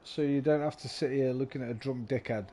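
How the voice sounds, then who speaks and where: A man signing off a game stream while tipsy, his words slightly slurred. He rambles and swears casually into a desk mic. His loud bursts drop suddenly into low, trailing mumbles. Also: fairly even intonation, fast, slight background noise.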